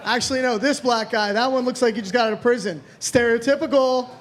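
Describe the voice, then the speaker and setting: A man's voice: extremely high pitch, steady tone, fast, a bit bright, a faint crowd. A man in his thirties from Florida doing a rambling, self-deprecating stand-up set, swearing freely. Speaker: stand-up comedian.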